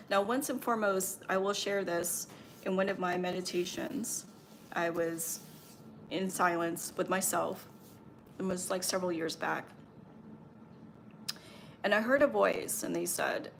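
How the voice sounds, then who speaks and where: A woman's voice: lowish voice, a little slow, vocal fry, long pauses, a little hiss or hum. A woman who works as a spiritual medium and Reiki healer, passing on channeled messages in a meandering, reassuring livestream talk full of fillers.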